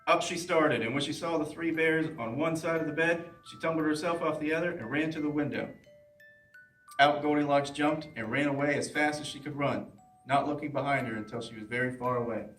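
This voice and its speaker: A man, a police officer, reading a children's bedtime story aloud in a plain, steady way. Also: on the high side, fairly quick, soft background music. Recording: roomy echo, mic at a distance.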